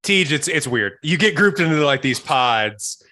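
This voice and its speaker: A man's voice: on the high side, sing-song, moderate pace, bright, forceful tone. A young man co-hosting a casual podcast, telling long rambling stories and laughing often. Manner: rambling storyteller, laughs a lot. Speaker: podcast host.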